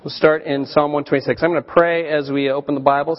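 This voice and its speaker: A man in his thirties preaching a sermon as a pastor, chatty and storytelling, with animated voiced quotes. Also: fairly high pitch, fast talker, few pauses. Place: church sanctuary. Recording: dull church recording with long reverb.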